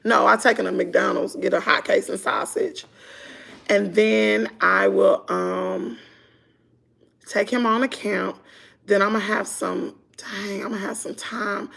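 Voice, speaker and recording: A hoarse woman with a Southern US accent, chatting casually with viewers on a live stream. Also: medium pitch, fairly even intonation, slow, fairly bright tone. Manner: chatty, talks to viewers as y'all. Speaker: vlogger.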